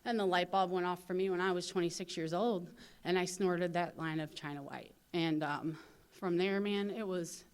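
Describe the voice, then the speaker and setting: A woman's voice: lowish voice, steady tone, normal speed, smooth. A woman in her thirties from St. Louis, speaking at a recovery convention and telling her story candidly, with lots of fillers and quoted voices. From St. Louis, USA. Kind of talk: personal recovery story told to an audience.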